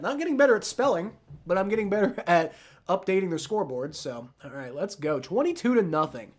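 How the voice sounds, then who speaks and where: A man hosting a live football reaction stream, rambling excitedly and talking straight to his chat. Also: sits high, fairly quick. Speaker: livestream sports reaction host. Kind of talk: live game reaction commentary.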